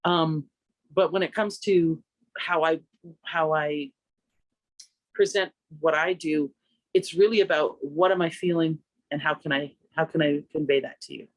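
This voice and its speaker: A woman singer from Canada talking through her craft in a relaxed radio interview, reflective and conversational, lifting her pitch when she quotes herself. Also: measured pace, no room sound. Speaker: singer and vocal coach, interview guest.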